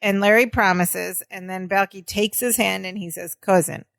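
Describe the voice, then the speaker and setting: A woman's voice: mid-range voice, steady tone, normal speed, creaky, fairly bright tone, no room sound. A woman co-hosting a podcast, animatedly retelling a sitcom episode scene by scene and quoting the characters in casual chat. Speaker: podcast co-host.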